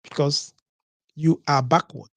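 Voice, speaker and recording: Gravelly husky-voiced man hosting a podcast. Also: a little high, fairly even intonation, takes it slowly, no room sound. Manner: rhetorical, repeats points with "okay?" and "what?". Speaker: podcast host. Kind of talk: solo podcast talk.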